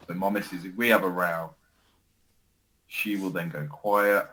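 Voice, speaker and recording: A man co-hosting a casual podcast, telling stories with animated laughter. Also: fairly low pitch, takes it slowly, long pauses, rough recording. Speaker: podcast co-host. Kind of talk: casual chat.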